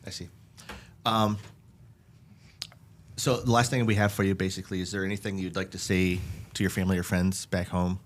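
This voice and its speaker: A man's voice: low voice, little pitch movement, brisk. A man hosting a casual podcast chat, joking and laughing often. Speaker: podcast host.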